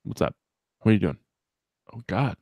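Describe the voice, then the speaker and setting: A man's voice: fairly low pitch, animated, normal speed, a little mellow, breathy edge, no room sound, clean studio sound. A man co-hosting a podcast, talking in a crude, joking, rambling way. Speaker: podcast co-host. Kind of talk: casual chat.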